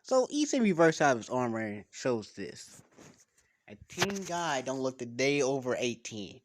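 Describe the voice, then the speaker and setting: A man's voice: mid-range voice, very animated, a little slow, a little hiss or hum. Rambling, cursing man reading a story. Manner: rambling, profane, stumbling over words. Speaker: story reader. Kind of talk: casual reading of fan fiction aloud.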